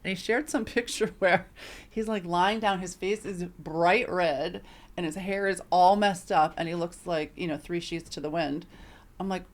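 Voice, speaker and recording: A woman co-hosting a podcast, her voice sitting on the low side. She chats casually and tells stories with animation, leaning on plenty of fillers along the way. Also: normal speed. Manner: animated storytelling, filler-heavy. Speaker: podcast co-host. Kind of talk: casual chat.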